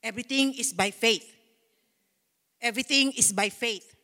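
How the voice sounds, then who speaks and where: A woman's voice: fairly high pitch, moderate pace, pushed and bright, long reverb tail. A woman pastor preaching a fervent sermon in a church, repeating phrases and breaking into praise. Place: church sanctuary.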